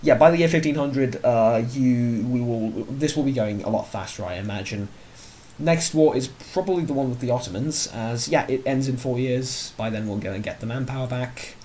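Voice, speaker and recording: A man's voice: mid-range voice, moderate pace, mellow, a little hiss or hum. A man hosting a let's play, giving casual, rambling commentary on his strategy game and often correcting himself mid-sentence. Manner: rambling, chatty, self-correcting.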